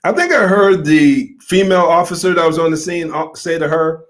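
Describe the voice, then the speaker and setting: A man's voice: on the high side, expressive, moderate pace, few pauses. A man hosting a show, giving casual commentary on a video in an earnest way that turns emphatic when he gets worked up.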